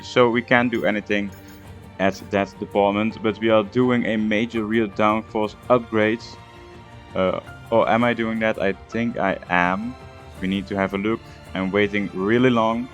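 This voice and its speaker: Low-voiced man commentating gameplay. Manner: hesitant, full of "uh" and "um" fillers. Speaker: gaming video host.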